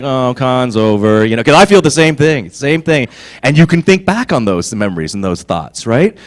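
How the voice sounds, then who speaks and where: A man telling stories as a guest on a convention fan panel, animated and laughing, swinging from low murmurs to loud bursts. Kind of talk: casual storytelling on a fan panel.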